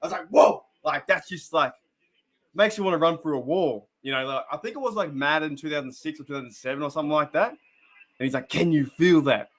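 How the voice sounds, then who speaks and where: A man's voice: fairly high pitch, brisk, fairly bright tone. A young Australian man hosting a casual fan live stream, chatting rambly with viewers and commenting on a game. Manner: rambling, chatty, laughs often, greets viewers by name.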